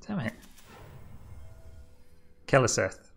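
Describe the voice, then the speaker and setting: A man's voice: fairly low pitch, moderate pace, creaky, fairly bright tone, soft background music. A man giving casual commentary on his own card game as he plays, thinking aloud and chuckling often.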